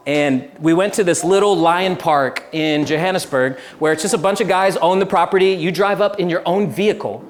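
A man's voice: sits high, moderate pace, hardly any pauses. Chatty young man preaching casually. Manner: relaxed, chatty storytelling with laughs and restarts. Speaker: pastor. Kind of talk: casual sermon with storytelling.

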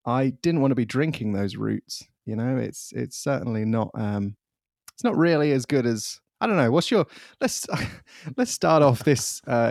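A man's voice: medium pitch, vocal fry, a little mellow, dry recording, studio quality. A young man co-hosting a podcast in casual chat, joking and laughing often. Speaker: podcast co-host.

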